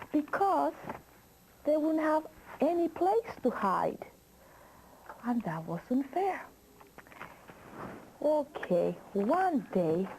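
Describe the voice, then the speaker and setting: A woman telling a children's story slowly and expressively, asking listeners questions. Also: mid-range voice, warm tone, slight background noise, poor audio.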